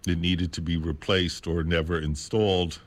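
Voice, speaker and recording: A man hosting a radio show from a studio, talking in an unscripted way and slowly spelling out catalog numbers. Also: sits low, little pitch movement. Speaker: radio host. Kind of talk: unscripted radio talk about records. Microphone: studio mic on a stand.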